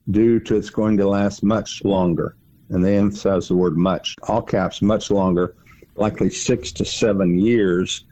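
A man's voice: on the low side, dark tone, highs cut off. A middle-aged man hosting a financial radio show, explaining at length and stressing points by repeating words. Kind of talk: casual explanatory talk.

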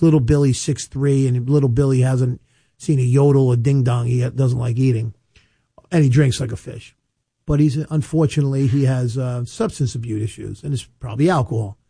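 A New man in his fifties talks through estate planning in a loose, anecdotal way, repeating himself and slowing down to drive a point home. His voice is very dark and mellow, at an ordinary pitch for a man. The recording is dry and close, with no room sound. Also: fairly even intonation, creaky, breathy edge, dry recording. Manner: chatty, storytelling with quick asides and repetitions; emphatic, slows down to stress points. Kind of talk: casual advice monologue to camera.

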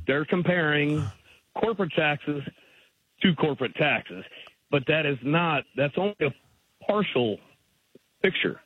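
A man's voice: a little high, animated, a little slow, long pauses, slightly rough, dry recording. A man calling into a radio show, pressing the host with argumentative points. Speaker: caller. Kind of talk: call-in radio conversation. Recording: phone-line caller audio.

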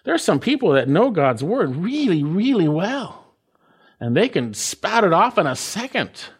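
Emphatic preacher man with lively pitch. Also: slightly rough. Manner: emphatic, repeats key phrases, swoops between slow stresses and quick asides. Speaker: pastor. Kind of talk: expository sermon.

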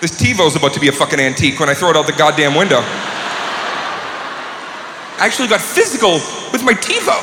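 Man, high voice, stand-up rant, cursing and shouting, echoey hall, noisy. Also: very animated, quick pace, long pauses. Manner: profane, ranting, often shouting. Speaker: stand-up comedian. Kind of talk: stand-up routine.

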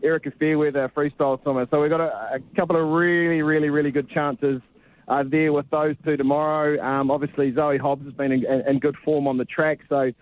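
A man's voice: fairly high pitch, little pitch movement, brisk, no echo, narrow, tinny audio. A man, a sports reporter chatting casually on a radio show, laid-back and full of restarts. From New Zealand. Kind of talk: casual radio phone-in chat.

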